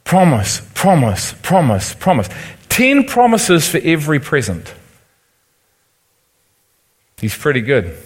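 A man from Liverpool, speaking with a Liverpool accent, preaches in a conversational, teaching way. His voice sits a touch high for a man, and he keeps turning to his listeners for a nod of agreement. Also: big pitch swings, slow pace, pauses often, breathy edge. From Liverpool, England. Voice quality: conversational, asks the room for agreement. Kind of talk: sermon teaching.

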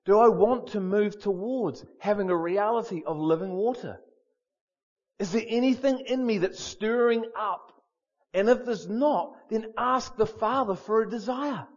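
Male preacher, lively and emphatic, higher voice, slightly muffled lo-fi sound. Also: unhurried. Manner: animated, storytelling, emphatic repetition. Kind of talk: sermon.

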